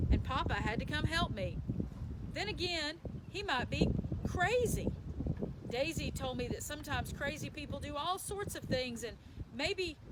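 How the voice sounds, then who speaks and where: A woman with a high voice reads a children's novel aloud as a bedtime story, telling it plainly with small slips and self-corrections. There is heavy background noise.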